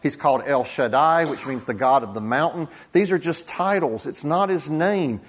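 A man preaching a sermon as pastor, deliberate, with dramatic pauses and soft drops for emphasis. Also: fairly high pitch.

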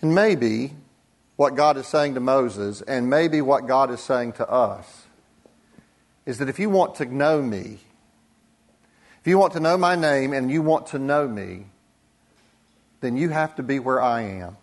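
With a medium-pitched, expressive voice, a male pastor delivers his sermon deliberately. He leans on dramatic pauses and soft drops to emphasize his points.

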